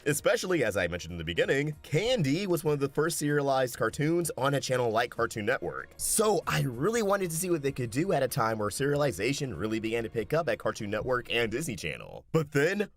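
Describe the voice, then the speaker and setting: Guy reading his video essay, animated pitch, faint music under it. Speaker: host. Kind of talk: scripted video-essay narration.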